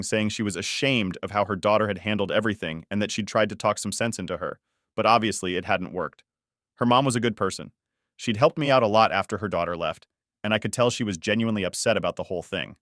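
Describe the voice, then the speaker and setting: Man, story narration, matter-of-fact, low pitch, dry recording. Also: a bit bright, no room sound. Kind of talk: first-person story narration.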